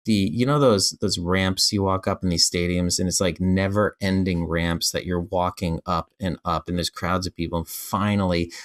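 Guest spot: man with a lowish voice, animated casual storyteller who acts out the dialogue. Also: normal speed, few pauses. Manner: animated, acts out quoted dialogue, frequent "like" fillers. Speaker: podcast guest.

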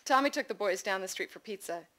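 A woman in her thirties, an author reading her own memoir stories aloud at a literary festival, wry and animated. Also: mid-range voice, fast. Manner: wry, animated, playfully voices her child's shouts.

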